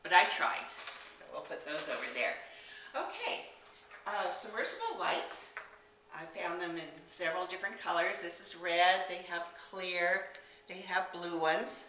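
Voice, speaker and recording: A woman's voice: lowish voice, lively intonation, a little slow, bright, forceful tone, distant mic, a little hiss or hum. Chatty woman demonstrating crafts in an echoey room. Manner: chatty, enthusiastic, exclaims while working. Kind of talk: casual product demonstration. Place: indoor room. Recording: echoey room, somewhat off-mic.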